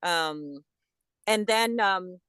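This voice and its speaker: Animated woman telling stories. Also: on the low side, extremely slow, smooth, no echo. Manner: lively, animated storytelling. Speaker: guest actress. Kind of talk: casual interview chat.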